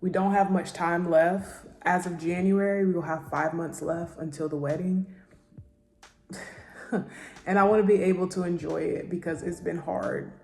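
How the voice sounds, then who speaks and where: A young woman vlogging candidly from her home kitchen, halting and emotional, close to tears, with many pauses and fillers. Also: lowish voice, fairly even intonation, vocal fry, a little mellow. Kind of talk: reflective personal vlog talk. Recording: echoey room with faint music.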